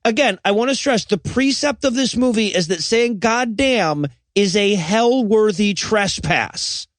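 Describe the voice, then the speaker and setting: High-voiced sarcastic man recapping. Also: lively intonation, measured pace, no room sound, clean studio sound. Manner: sarcastic, rambling recap with many restarts. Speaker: podcast co-host. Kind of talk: casual comedic podcast chat.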